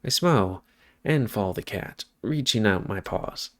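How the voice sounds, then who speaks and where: Doing a let's play, this man reads a visual novel's narration in a lowish voice with lively intonation and a measured pace. He occasionally trips over words and fixes them, stepping off-script for asides.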